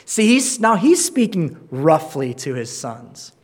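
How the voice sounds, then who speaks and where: A man's voice: a little high, sing-song, takes it slowly, few pauses. A man preaching as a pastor, earnest, often restarting words and acting out quoted voices. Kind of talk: sermon with Bible reading.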